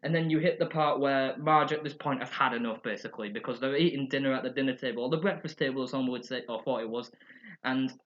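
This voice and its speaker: A man's voice: mid-range voice, fast talker, a bit bright. A man chatting energetically as he reviews an episode, recorded on a computer webcam at home. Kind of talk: casual chat. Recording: slightly dull webcam audio.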